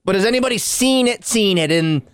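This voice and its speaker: Lively high-voiced male radio co-host. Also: fairly quick, clear, resonant tone. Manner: teasing, animated banter. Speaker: morning show co-host. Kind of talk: casual radio chat.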